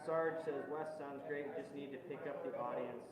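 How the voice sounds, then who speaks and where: A person running a livestream, reading viewer comments aloud in a relaxed, rambling way. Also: mid-range voice, moderate pace. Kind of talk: casual chat. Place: indoor room. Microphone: wired mic with headphones. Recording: echoey lo-fi room with chatter behind.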